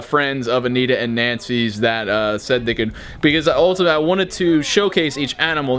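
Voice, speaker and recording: A man's voice: medium pitch, clean tone. A young man casually talking through behind-the-scenes stories of his videos, swearing freely and acting out quotes with energy. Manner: casual, profane, animated retellings. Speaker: YouTuber.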